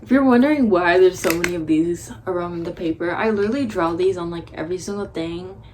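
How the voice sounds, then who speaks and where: A woman's voice: fairly low pitch, a little fast, darkish tone, slight background noise. A teenage girl vlogging casually, telling a story in a chatty, blunt way and swearing freely. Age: teens.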